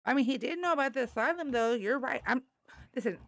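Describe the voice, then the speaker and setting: A woman's voice: high-pitched, animated, fast, a bit bright, dry recording. A tired woman from Texas with a Texan accent, hosting a casual political livestream in a blunt, outspoken, slangy way. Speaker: livestream host.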